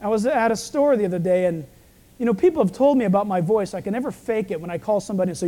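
Croaky, mellow-voiced male preacher. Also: high-pitched, very fast. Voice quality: croaky, frog-like voice. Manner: storytelling preacher with self-deprecating asides. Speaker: pastor. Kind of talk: sermon.

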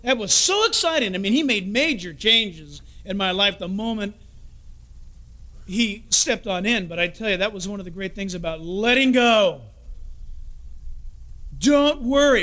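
A man's voice: sits high, moderate pace. A man preaching a sermon, telling stories and jokes and acting out the people in them. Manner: animated storytelling, acts out characters in the story.

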